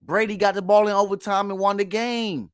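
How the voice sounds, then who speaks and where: Man host, higher pitch, dry close sound, emphatic mocking sports reactions. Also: fairly even intonation, fairly quick, clean tone, no echo. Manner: emphatic, playfully mocking, repeats himself. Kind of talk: casual sports reaction commentary.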